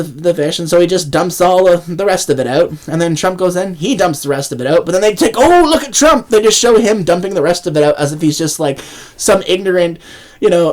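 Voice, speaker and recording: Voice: medium pitch, a little mellow. A political commentator ranting angrily and sarcastically, swearing heavily, restarting sentences and laughing mockingly between points. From Canada. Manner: angry, sarcastic, heavy swearing, frequent restarts. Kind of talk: profane political rant.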